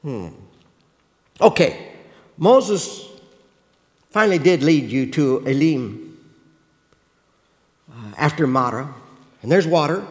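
A man's voice: a little high, slow, long pauses, big-room sound. A man preaching a sermon, talking straight to his listeners and asking them questions, often restarting his sentences. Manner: animated, questioning the listeners directly, frequent restarts.

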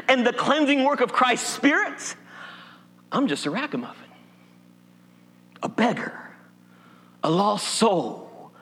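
A man's voice: high voice, a bit bright. A male pastor from Appalachia preaching a sermon in a church, folksy and humorous. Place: church sanctuary. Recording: long hall reverb.

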